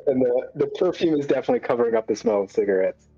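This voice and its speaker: A man playing in a tabletop role-play, talking haltingly with many restarts. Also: medium pitch, expressive, highs cut off, a crowd in the background. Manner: halting, full of restarts and laughs. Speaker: player.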